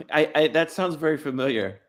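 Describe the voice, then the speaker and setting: A man chatting with a friend in an animated, jokey way, often breaking into silly voices. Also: fairly high pitch, normal speed. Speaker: co-host friend. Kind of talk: casual chat.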